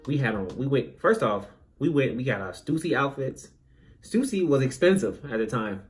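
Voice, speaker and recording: Guy telling a story time, slangy aave, jumps up high doing other voices, faint music behind. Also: animated, normal speed. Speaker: storyteller, channel host.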